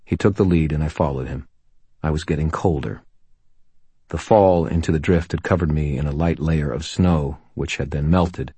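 A man with an extremely low, husky voice narrates a first-person story. His delivery is dry and wry, with a touch of humor. The recording is close and dry, with no room sound. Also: dark tone, dry recording. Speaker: audiobook narrator.

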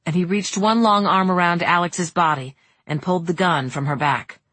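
A woman reading a novel aloud in steady audiobook narration. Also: on the low side, moderate pace, husky, no room sound.

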